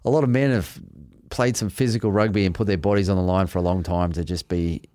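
A man's voice: low voice, steady tone, fast talker, mellow, dry recording, studio quality. A man talking rugby in a casual chat, giving blunt, emphatic opinions. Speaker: rugby pundit.

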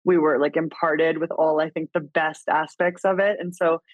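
A woman's voice: sits low, fairly even intonation, moderate pace, no echo. A woman from Canada, a podcast guest whose first language is Spanish, chatting casually and animatedly and laughing often. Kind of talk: casual interview chat.

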